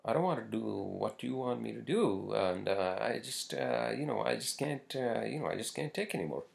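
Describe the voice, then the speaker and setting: A man's voice: lowish voice, animated, normal speed, gravelly. A man quoting a sulky teenage girl. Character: sulky fourteen-year-old girl refusing school.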